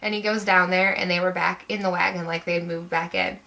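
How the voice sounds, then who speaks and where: A woman's voice: lowish voice, steady tone, fairly quick, creaky, pushed and bright, low-quality recording. A young woman vlogger telling a story to camera in a chatty, rambling way, full of "like" fillers.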